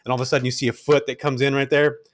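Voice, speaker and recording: A middle-aged man telling his story as an interview guest, animated and casual, with frequent fillers. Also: medium pitch, rapid-fire, dry recording, clean studio sound. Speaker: guest, rental investor.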